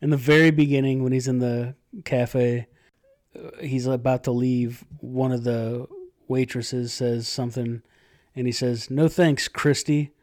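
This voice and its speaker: A man's voice: medium pitch, flat delivery, unhurried, a little mellow. A man co-hosting a podcast, wry and sarcastic, swearing casually while chatting about a film. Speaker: podcast co-host. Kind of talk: casual movie review chat.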